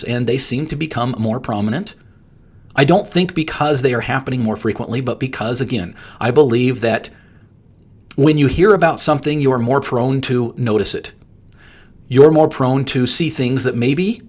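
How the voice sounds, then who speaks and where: A man hosting a solo podcast, talking earnestly and emphatically, often repeating words for stress. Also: mid-range voice. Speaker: podcast host and appraiser coach.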